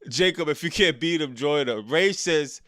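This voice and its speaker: A man hosting a live wrestling reaction stream and reading chat aloud. He swings between loud excited outbursts and low, frustrated mutters, and talks in casual slang. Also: normal speed. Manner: casual slang, often ending lines with "dog" or "bro".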